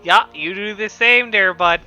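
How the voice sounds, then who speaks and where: A man's voice: high voice, bright, forceful tone, clean tone, muffled recording, soft background music, pitched above the performer's own voice, exaggerated voice. A man voicing a friendly, folksy townsman with a Wisconsin accent in a tabletop game. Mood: folksy cheerful. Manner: slow, homely, cheerful. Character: folksy friendly middle-aged male NPC townsman.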